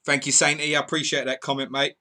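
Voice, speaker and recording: A man's voice: fairly high pitch, little pitch movement, quick pace, pushed and bright. A man hosting a live football stream, reading viewers' comments and calling match updates in a chatty, bantering way. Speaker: podcast host.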